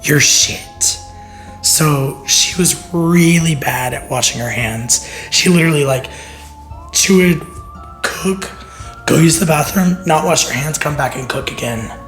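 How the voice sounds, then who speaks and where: A man co-hosting a podcast in casual chat, joking and rambling with plenty of swearing, his voice hoarse and half gone. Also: a little high, unhurried, a bit bright, faint music behind. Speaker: podcast co-host.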